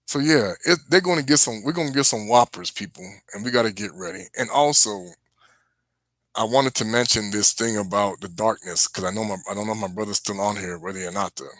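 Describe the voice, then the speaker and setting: A man's voice: fairly low pitch, brisk, fairly bright tone, no room sound. Earnest man warning his viewers, dry sound. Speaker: host of a religious live stream. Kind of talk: casual preaching to a live audience.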